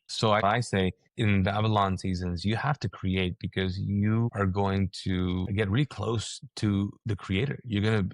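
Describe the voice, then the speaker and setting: A man, a pastor and author, talking as a guest in a casual, preaching way and acting out quoted reactions. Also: no echo. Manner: energetic, acts out quoted reactions with rising pitch. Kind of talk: animated conversational preaching.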